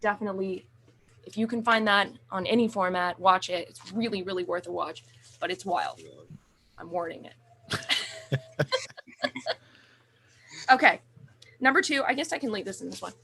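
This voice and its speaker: A woman's voice: medium pitch, moderate pace, vocal fry, long pauses, sharp tone, a little hiss or hum. A young adult woman co-hosting a podcast, chatting casually and gushingly about horror movies with many fillers. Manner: gushing, rambling, lots of fillers and swearing. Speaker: podcast co-host.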